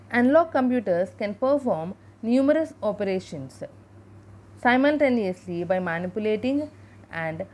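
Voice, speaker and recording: A woman's voice: medium pitch, darkish tone. A woman teacher giving a school computer science lesson over slides, explaining terms one by one and spelling out abbreviations. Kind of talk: classroom lecture over slides.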